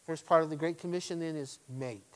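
Middle-aged male pastor mid-sermon, emphatic, punches key words, drops to quiet asides. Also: on the high side, a little fast, poor audio. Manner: emphatic preaching, swings between loud stresses and quiet asides.

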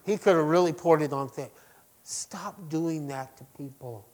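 A middle-aged man preaching to his congregation, swinging between loud emphasis and quiet lines and asking them direct questions. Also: a little high, a little slow. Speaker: pastor. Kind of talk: sermon.

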